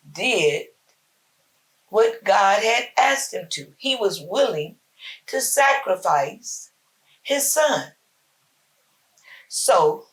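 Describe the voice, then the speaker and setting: Woman host, folksy devotional preacher; unhurried, deliberate, lower pitch. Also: fairly bright tone. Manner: slow, emphatic, folksy preaching with repetition. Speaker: host giving a short Bible talk. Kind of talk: informal spoken devotional.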